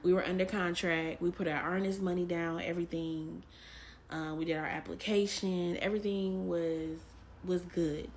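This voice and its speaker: A woman's voice: on the low side, steady tone, normal speed, slight background noise. A woman from Texas telling a personal faith testimony in a rambling, casual way, with many fillers and repeated phrases. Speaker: vlogger.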